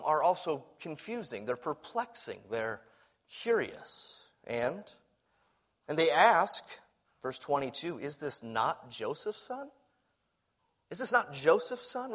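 A man preaching a sermon, animated, swinging from loud emphasis to quiet asides and sometimes repeating words as he restarts. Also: high voice.

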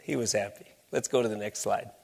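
A man's voice: on the low side, fairly quick, vocal fry, breathy edge. A man giving a lecture with slides, talking in a conversational, storytelling way. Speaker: speaker.

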